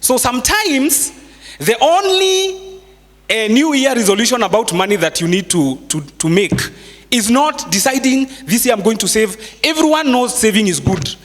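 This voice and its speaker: A man's voice: very high voice, lively intonation, moderate pace. A Kenyan man giving a live motivational finance talk to an audience, conversational, quizzing the listeners and dropping in Swahili phrases. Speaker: seminar speaker. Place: large hall with a live audience. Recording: echoey hall with long reverb.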